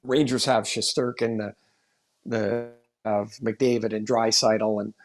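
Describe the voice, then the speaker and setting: Gravelly man chatting hockey on a podcast. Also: lowish voice, little pitch movement, slow pace. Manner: thinks aloud, frequent restarts, candid. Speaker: podcast co-host and hockey analyst. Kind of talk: casual sports chat.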